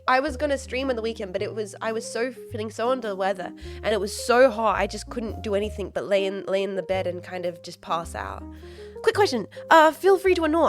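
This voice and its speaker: A woman with a South Australian accent chatting casually on a livestream, scatterbrained and laughing often, with casual swearing. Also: mid-range voice. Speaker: streamer. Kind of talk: casual livestream chat, answering viewers.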